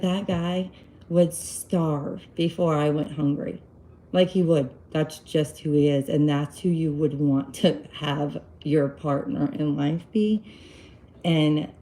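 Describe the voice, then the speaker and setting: A woman casually telling a personal story to her live-stream viewers, rambling and animated, acting out quoted dialogue. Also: fairly low pitch, poor audio. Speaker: live-stream host giving relationship advice.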